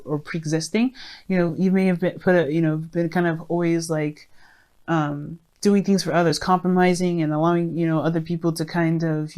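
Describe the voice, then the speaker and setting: A woman's voice: fairly low pitch, darkish tone. A woman giving a casual tarot reading, rambling with many fillers and restarts as she talks straight to her viewers. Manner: addresses viewers directly, friendly. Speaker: tarot reader.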